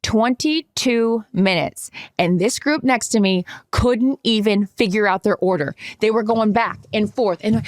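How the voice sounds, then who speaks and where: A woman's voice: a little high, moderate pace, hardly any pauses, dry recording. Woman podcast co-host, blunt and impatient, casual chat, dry close sound. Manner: blunt, impatient storytelling with acted-out quotes.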